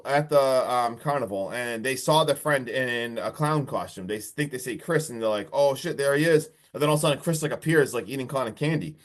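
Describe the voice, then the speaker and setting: A young man co-hosting a podcast, casually recapping a horror film in a rambling, animated way with lots of filler words and mild swearing. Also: mid-range voice. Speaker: podcast co-host reviewing a film.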